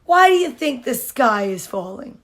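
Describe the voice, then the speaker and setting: A woman's voice: high voice, sing-song, normal speed, a bit bright. A woman voicing a sly, sneering male fox in a storybook reading, with a mocking, snickering drawl.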